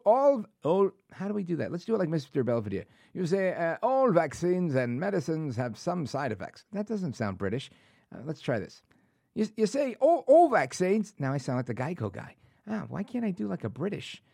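A man hosting a political talk show, reading news aloud with sarcastic, animated asides. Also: fairly high pitch, gravelly, no room sound, clean studio sound. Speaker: talk radio host.

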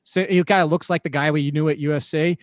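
A man's voice: a little high, fairly even intonation, fast talker. A man co-hosting a podcast, chatting about fantasy football in an analytical way and laughing often. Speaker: podcast co-host.

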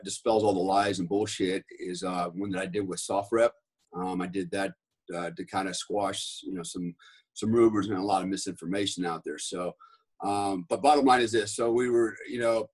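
Husky-voiced man telling war stories. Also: lowish voice. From United States. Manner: rambling, profane, lots of fillers. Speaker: podcast guest. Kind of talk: casual storytelling.

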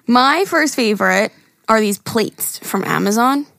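A woman's voice: fairly high pitch, animated, slow, gravelly, fairly bright tone, no room sound, clean studio sound. A young woman co-hosting a podcast, talking casually with lots of laughs and eager detail. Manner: chatty, giggly, enthusiastic. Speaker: podcast co-host. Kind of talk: casual chat.

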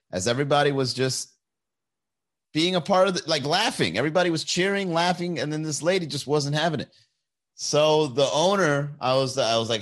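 A male stand-up comedian telling a story in a casual livestream, rambling, animated and full of profanity. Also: medium pitch.

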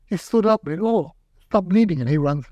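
A man's voice: sits high, normal speed, no echo. An older man, an aikido teacher, telling stories in a casual interview and acting out what people said. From Hawaii. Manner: animated, acts out quotes in raised voice.

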